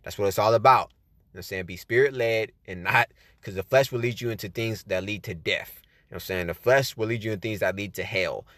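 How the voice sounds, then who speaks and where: Low-voiced man in rambling faith chat. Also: a little fast, a bit bright, dry recording. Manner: rambling, repeats "you know what I'm saying". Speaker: podcast host. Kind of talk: casual faith talk, reading tips.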